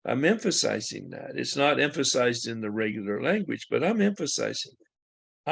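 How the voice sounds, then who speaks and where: A man giving a slow, measured spiritual talk as a recovery program speaker. He leans on key words and often clears his throat. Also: medium pitch, lively intonation.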